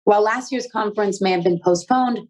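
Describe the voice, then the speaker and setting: A woman's voice: medium pitch, a little fast, a little mellow, low-quality recording. A young woman hosting a conversation, presenting with eager, upbeat energy. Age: young adult. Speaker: host of the youth conversation. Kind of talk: scripted presenting and casual questions.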